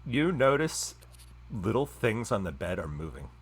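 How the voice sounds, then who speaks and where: A man running a tabletop game as game master on a live stream, unhurried and laughing along with his players. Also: on the low side, sing-song, slightly rough.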